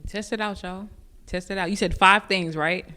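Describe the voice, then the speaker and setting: A woman's voice: medium pitch, steady tone, moderate pace, sharp tone. A woman hosting a podcast interview who laughs easily and teases her guest. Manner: laughing easily, playful teasing. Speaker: podcast host.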